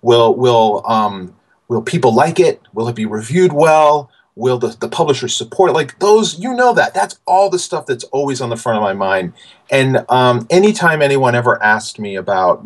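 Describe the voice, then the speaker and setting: Animated man in his forties telling stories. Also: mid-range voice, moderate pace. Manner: animated, many fillers and restarts. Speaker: guest. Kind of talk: casual interview storytelling.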